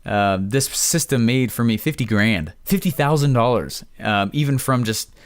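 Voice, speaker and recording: A man hosting a podcast, telling a casual, rambling story full of fillers and excited asides. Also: mid-range voice, normal speed, no room sound. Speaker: podcast host.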